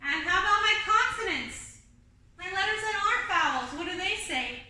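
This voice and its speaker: A woman teaching an online kindergarten lesson, speaking slowly and clearly to young children and singing simple learning songs. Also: very high-pitched, lively intonation, sharp tone. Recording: echoey room, a bit far from the mic.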